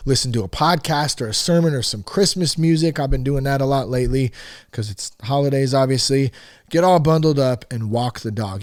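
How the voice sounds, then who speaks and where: A man's voice: medium pitch, darkish tone, dry recording. Chatty male podcast host, dry sound. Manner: conversational and self-deprecating, with many fillers. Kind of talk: casual solo podcast talk. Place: home in Northern California.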